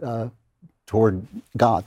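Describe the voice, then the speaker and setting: A man hosting a conversational interview, eager and animated, often restarting his sentences. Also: fairly low pitch, slow pace, dry recording. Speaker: podcast host.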